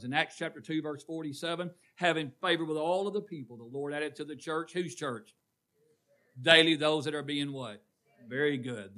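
A man's voice: fairly high pitch, pushed and bright. A man preaching a call-and-response sermon in a church, quizzing the congregation. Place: church sanctuary.

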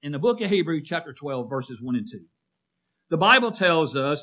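Bright-voiced emphatic male preacher. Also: on the high side, animated, quick pace. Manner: emphatic, repeats phrases, calls on listeners by name. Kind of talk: sermon with congregation call-and-response.

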